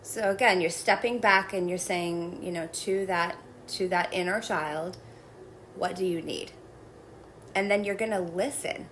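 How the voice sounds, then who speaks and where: A woman guest calmly explaining a self-help technique in a measured, reflective way. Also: lowish voice, a little hiss or hum, poor audio.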